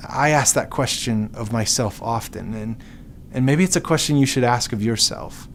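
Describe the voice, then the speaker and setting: A man's voice: medium pitch, moderate pace, slight background noise. A man giving a short devotional talk as a preacher, earnest and conversational.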